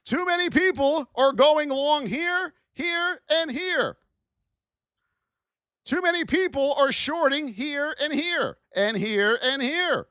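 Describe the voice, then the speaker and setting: High, lively woman scolding traders. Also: slow pace, no echo, studio quality. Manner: animated, scolding, exclamatory. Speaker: trading educator. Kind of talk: live-streamed trading lesson.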